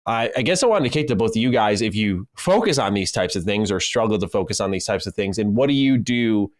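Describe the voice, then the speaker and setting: Low-voiced man hosting a podcast. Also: expressive, fast, dry recording, clean studio sound. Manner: thoughtful, loosely phrased, leads topics. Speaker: podcast co-host. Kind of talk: casual podcast chat.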